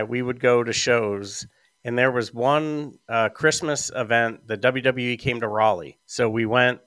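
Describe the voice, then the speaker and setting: A middle-aged man in easy podcast conversation, his voice smooth and resonant. His delivery wanders through stories, full of "um" and "you know". The sound is dry and close. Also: medium pitch, pushed and bright, no room sound. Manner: rambling storyteller with frequent fillers. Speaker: podcast guest. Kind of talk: casual chat.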